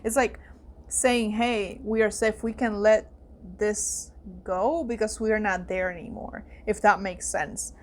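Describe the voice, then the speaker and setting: A young adult woman giving a casual tarot reading, emotional and chatty, often dropping to hushed asides. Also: mid-range voice, fairly even intonation, measured pace. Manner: emotional, fillers and exclamations, voice softening to hushed asides. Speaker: psychic tarot reader. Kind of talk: casual spoken card reading.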